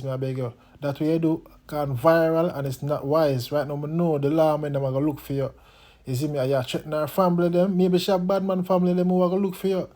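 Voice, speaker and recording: Jamaican vlog host pleading earnestly. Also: male voice, fairly high pitch, mellow. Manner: pleading, preacher-like appeals. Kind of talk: news commentary vlog.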